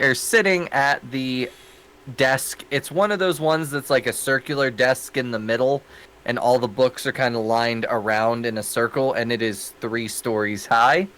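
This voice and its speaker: A man's voice: medium pitch, pushed and bright, smooth, low-quality recording. A man narrating a tabletop game as game master in an easygoing, rambling way. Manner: easygoing, hums to himself.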